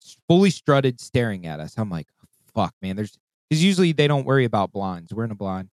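Brisk and lowish in voice, a man tells a long hunting story on a recording free of room sound. His relaxed delivery is loaded with swearing, and he animatedly performs the calls and voices.

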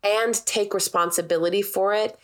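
A woman's voice: medium pitch, steady tone, normal speed, a bit bright. A woman co-hosting a podcast who mostly listens and answers with brief agreement, making a point now and then. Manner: attentive listener, brief affirmations. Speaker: podcast co-host. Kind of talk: casual chat.

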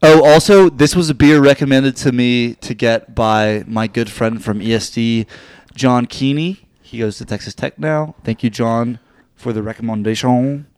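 Young male podcast co-host, jokey quick interjections, casual chat, dry close sound. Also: medium pitch, a little mellow, clear, resonant tone, no room sound. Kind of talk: casual beer-tasting chat. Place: home studio.

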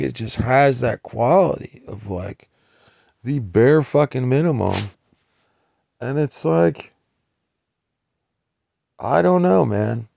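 A man's voice: mid-range voice, vocal fry, darkish tone, no echo, lo-fi sound. A man ranting in a rambling, profane monologue about life as a nomadic homeless person. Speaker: vlogger describing homeless life.

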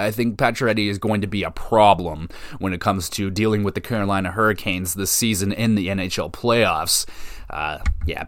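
A man's voice: on the low side, fairly bright tone, no room sound, clean studio sound. A young man hosting a casual hockey podcast, rambling and cursing in frustration. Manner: frustrated, profane, rambling rant. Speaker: podcast host.

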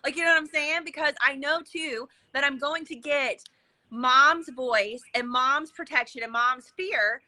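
A woman guest on a podcast, telling animated stories and acting out what people said, with lots of casual fillers. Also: sits high, measured pace, poor audio. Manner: lively, acts out quoted dialogue with many fillers. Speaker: interview guest, intuitive coach. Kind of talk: animated conversational storytelling.

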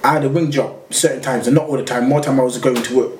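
A man's voice: medium pitch, quick pace. Slangy man in an echoey room. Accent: London. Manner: slangy, rambling, animated retelling. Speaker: podcast guest telling his story. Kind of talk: casual storytelling chat. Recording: echoey room with faint noise.

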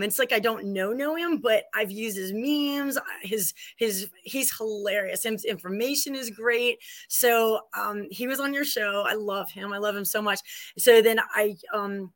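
A woman's voice: on the high side, normal speed, a bit bright. A woman guesting on a casual podcast, gushing and rambling, with lots of fillers and restarts. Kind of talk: casual conversational interview.

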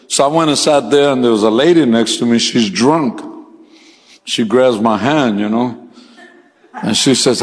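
A male pastor preaching a sermon, telling funny personal stories in a casual way, laughing often and climbing to loud, high-pitched peaks. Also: measured pace, pauses often, husky, in a large hall, poor audio. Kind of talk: sermon with humorous storytelling. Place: church sanctuary.

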